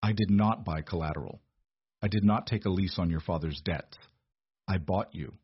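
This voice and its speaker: A man voicing a gruff, protective man in his forties with a low, gravelly rumble, in a storybook reading. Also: normal speed. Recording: dull, dry lo-fi recording.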